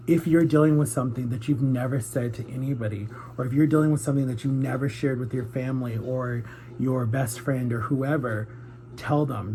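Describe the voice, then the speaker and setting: A man's voice: mid-range voice, warm tone, a little hiss or hum. A man of thirty speaking candidly and earnestly to viewers in a heartfelt confessional vlog. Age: 30s. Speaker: YouTuber.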